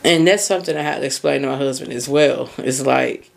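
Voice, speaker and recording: A woman's voice: rumbling low, brisk, vocal fry. Woman podcast host and mindset coach, candid solo monologue, loose, swears casually, laughs easily.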